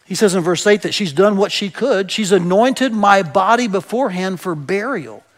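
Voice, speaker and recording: A man's voice: high-pitched, lively intonation, moderate pace. A man preaching a sermon as pastor, speaking conversationally to his church and often checking in with the congregation. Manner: conversational, asks the congregation "right?"; explains with everyday examples and some hesitations.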